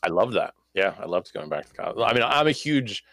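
A young man co-hosting a casual gaming chat, excitable and full of quick restarts. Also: fairly low pitch. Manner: excitable, talks with lots of restarts and fillers. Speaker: podcast co-host.

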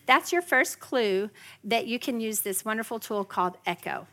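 Woman in her forties, workshop speaker, bright and a bit high, animated teaching style. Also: a little fast. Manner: animated, acts out kids' whiny voices. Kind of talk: live parenting workshop talk. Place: workshop room with a live audience.

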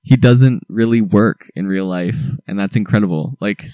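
A man's voice: on the low side, normal speed, dark tone, no room sound, muffled recording. A young man co-hosting a casual podcast, talking in enthusiastic, rambling bursts with lots of restarts. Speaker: podcast co-host.

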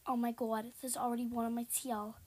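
A young gamer narrates her own horror playthrough in a jumpy way, sinking into hushed whispers before erupting in loud, panicked cries. Her voice is fairly high with little pitch variation, and she talks briskly.

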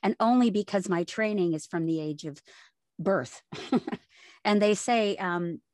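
A woman voice actor chatting in an interview, easygoing and quick to laugh. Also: on the low side, a little mellow, no room sound, studio quality. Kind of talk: casual interview talk.

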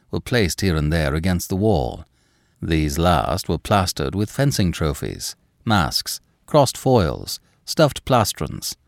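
A man narrating a classic novel in measured, expressive storytelling style. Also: low voice, gravelly, no room sound, clean studio sound.

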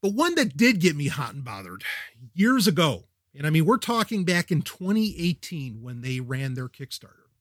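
High-voiced, wisecracking male podcast host. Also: normal speed, no room sound, clean studio sound. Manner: energetic, wisecracking, self-interrupting. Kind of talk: casual tech podcast monologue.

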